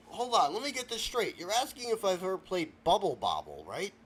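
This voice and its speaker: Tipsy male host: incredulous, exasperated and stammering, with a high, lively voice. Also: brisk, few pauses, breathy edge. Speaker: podcast host. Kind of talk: late-night comedic rant with character voices.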